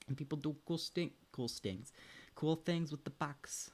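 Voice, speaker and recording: A man's voice: on the high side, normal speed, hardly any pauses, darkish tone. Rambling young man streaming a farming game. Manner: rambling, swears often, laughs between thoughts; talks to a pet and chat while playing. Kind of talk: casual gaming chat.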